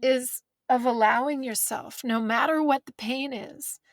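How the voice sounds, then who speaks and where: A woman's voice: high voice, a little slow, dry recording. A woman author speaking as a guest, thoughtful and candid, searching for words and close to tears. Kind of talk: reflective conversation. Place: bedroom closet.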